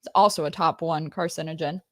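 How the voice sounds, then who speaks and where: A woman's voice: low voice, steady tone, fairly quick, fairly bright tone, dry recording. A woman hosting a livestream in a casual, blunt and profane rant, breaking into frequent laughs. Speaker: host.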